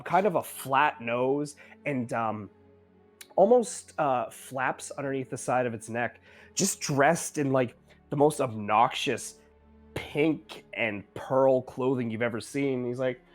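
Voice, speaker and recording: A man narrating a tabletop game as game master, loose and full of fillers. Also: mid-range voice.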